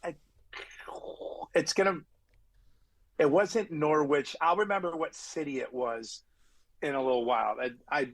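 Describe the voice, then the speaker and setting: Gravelly, husky man telling road stories. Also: a little high, measured pace, long pauses, dry recording, rough recording. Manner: animated, profane, acts out quoted people. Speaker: touring musician, podcast guest. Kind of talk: casual storytelling chat.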